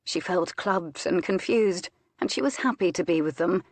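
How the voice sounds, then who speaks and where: A woman narrating an audiobook in a measured, expressive way. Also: on the low side, no echo.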